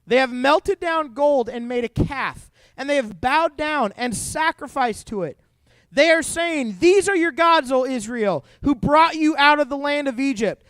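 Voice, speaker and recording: A man's voice: very high-pitched, animated, a little slow, a bit bright, no room sound, pitched above the performer's own voice, exaggerated voice. A man voicing an angry, commanding God as he retells a scripture story in a sermon. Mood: stern.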